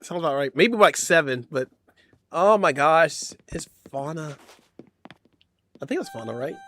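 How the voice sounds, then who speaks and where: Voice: medium pitch, expressive, a little slow, a bit bright, faint music behind. A streamer giving casual live-stream gameplay commentary, playful and slangy, often laughing and teasing the chat. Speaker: game streamer.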